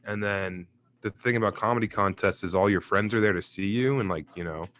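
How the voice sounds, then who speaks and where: A man's voice: on the low side, fairly quick, a bit bright. A young adult man, a stand-up comedian, talking casually in an interview, telling stories, laughing often and mimicking voices.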